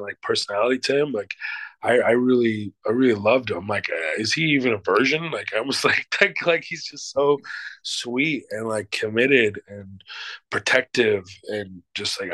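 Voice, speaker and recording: A man's voice: on the low side, fairly bright tone, no room sound, rough recording. A middle-aged man, an actor and showrunner, answering interview questions in a loose, emphatic way, swearing freely and using many fillers.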